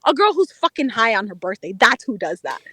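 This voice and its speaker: A young woman chats on a podcast with a high voice that leaps and dips with every twist of the story. She swears freely and laughs through her lines. The sound is close and dry, with no room around it. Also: fairly quick, dry recording. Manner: animated, profane, laughing storyteller. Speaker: podcast co-host, dating correspondent. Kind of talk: casual storytelling chat.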